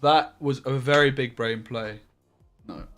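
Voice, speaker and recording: A man's voice: mid-range voice, steady tone, a little slow, a bit bright, faint music behind. A man streaming a card game live, thinking aloud about each play and swearing casually as he goes.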